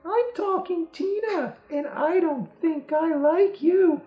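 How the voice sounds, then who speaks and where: A man voicing a sweet little girl talking doll that turns quietly menacing, in a high, slow, sing-song voice. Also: soft background music. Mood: sweetly menacing. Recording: roomy, slightly dull audio.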